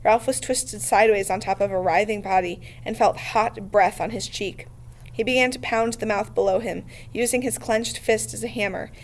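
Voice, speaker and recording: Woman reading a novel aloud, measured. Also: medium pitch, slight background noise. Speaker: reader.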